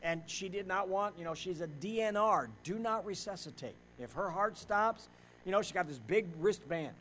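A middle-aged pastor, preaching a sermon and swinging between loud preaching and quiet storytelling. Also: male voice, high-pitched, expressive, normal speed, slight background noise, low-quality recording.

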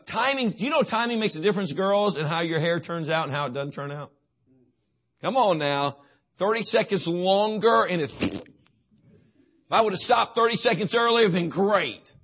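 A man's voice: sits high, expressive, moderate pace, fairly bright tone. A man preaching a sermon to teenagers, emphatic and repetitive, often asking his listeners questions. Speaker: youth pastor.

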